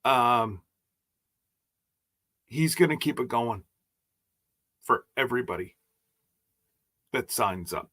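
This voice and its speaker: A man's voice: mid-range voice, lively intonation, takes it slowly, pauses often, pushed and bright. A man hosting a casual livestream chat, rambling and joking as he stumbles over his words. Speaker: host.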